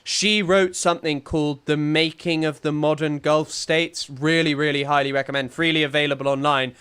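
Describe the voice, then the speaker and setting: A man's voice: a little high, steady tone, normal speed, a bit bright, clean tone. A young man, rambling and sarcastic in casual live-stream commentary, full of restarts and fillers. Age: young adult.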